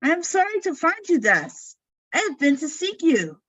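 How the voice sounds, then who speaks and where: Woman reading courtly nobleman, high bright voice, distant from mic. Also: sing-song, moderate pace, muffled recording. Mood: courteous. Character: courteous older Venetian nobleman. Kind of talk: amateur play reading.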